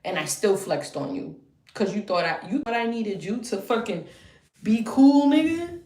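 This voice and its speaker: Heated profane young woman in a roomy space. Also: normal speed. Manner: heated and profane, swings between loud outbursts and low muttering. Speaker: storyteller. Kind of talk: profane storytime rant.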